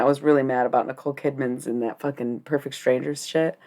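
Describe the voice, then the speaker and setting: A woman's voice: extremely low pitch, brisk, vocal fry, hardly any pauses, darkish tone. A young adult woman chatting casually on a livestream while reading cards, rambling, giggly and swearing freely.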